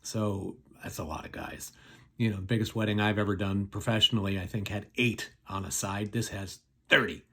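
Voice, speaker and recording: A man's voice: fairly low pitch, steady tone, normal speed, bright, forceful tone, slightly rough. A middle-aged man, a pastor, casually retelling a Bible story in a chatty, folksy way with many fillers.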